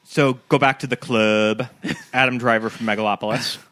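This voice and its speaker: A man hosting a casual podcast chat, animated and quick as he announces each category. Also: medium pitch. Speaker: podcast host.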